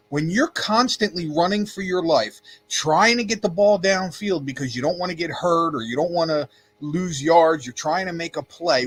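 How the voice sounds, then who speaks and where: A man's voice: on the high side, a bit bright, slightly rough. A man co-hosting a podcast in casual sports chat, talking emphatically and repeating words as he presses his points. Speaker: podcast co-host.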